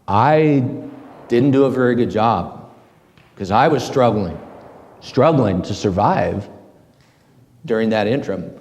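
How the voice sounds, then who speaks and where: A middle-aged man giving a slow, halting, earnest personal testimony to a men's group. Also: lowish voice, expressive, darkish tone. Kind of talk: reflective personal testimony talk. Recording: long hall reverb.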